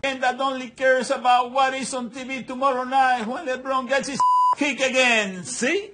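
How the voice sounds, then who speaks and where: An older man in casual TV chat, excitable, sometimes fumbling for words. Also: very high voice, moderate pace, very noisy. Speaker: show regular.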